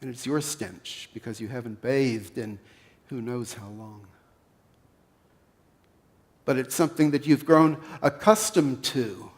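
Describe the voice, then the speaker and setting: The pastor speaks with a Pennsylvania accent, carefully guiding his listeners through a story in a sermon that surges loud and then quiets to a hush. He has a mid-range voice.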